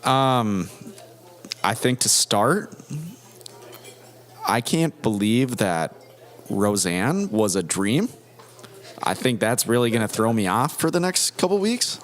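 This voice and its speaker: A man's voice: lowish voice, very animated, slow, long pauses. A man co-hosting a podcast, chatting casually in a jokey, playful way. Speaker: podcast co-host. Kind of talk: casual chat.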